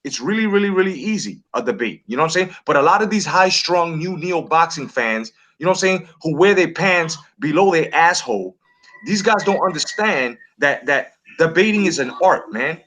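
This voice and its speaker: Brash bright-voiced man hosting a chat. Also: fairly high pitch, animated, moderate pace. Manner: brash, streetwise, swears freely. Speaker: podcast host. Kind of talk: casual chat.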